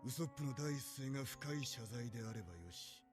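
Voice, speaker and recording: An actor playing Zoro, a blunt, unforgiving grown swordsman, in an anime, speaking gruffly and harshly. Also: mid-range voice, lively intonation, racing, lightly acted. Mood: stern. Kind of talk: anime dub acting. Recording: music playing behind.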